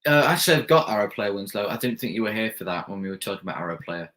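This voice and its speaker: A man's voice: on the low side, rapid-fire, a bit bright. A young man hosting a live stream, reading viewer comments aloud and rambling casually with lots of fillers and restarts.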